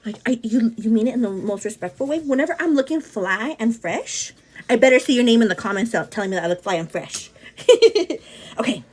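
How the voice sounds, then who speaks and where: Husky, lively-voiced woman chatting to viewers. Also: on the high side, brisk. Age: 30s. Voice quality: energetic, hyperactive delivery. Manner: chatty, calls viewers "girl", answers comments. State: a bit out of breath. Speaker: beauty livestream host. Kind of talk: casual livestream chat.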